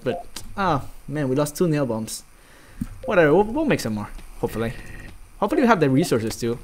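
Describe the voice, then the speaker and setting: A man giving chatty, excitable gameplay commentary, talking to his viewers. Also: medium pitch, slight background noise. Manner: excitable, chatty, yelps and laughs at the game; talks directly to viewers. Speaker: let's play gamer.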